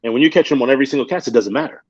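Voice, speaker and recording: Male guest with a mid-range voice, tells quick fishing anecdotes, laughs easily, slightly dull lo-fi sound. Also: medium pitch, breathy edge. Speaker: guest and professional bass angler. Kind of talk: casual storytelling chat.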